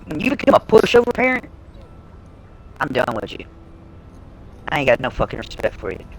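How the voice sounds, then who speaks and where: A woman's voice: extremely low pitch, big pitch swings, moderate pace, husky, poor audio. A woman livestreamer telling a story in casual talk, blunt and heavily profane. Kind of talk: casual storytelling on a live stream.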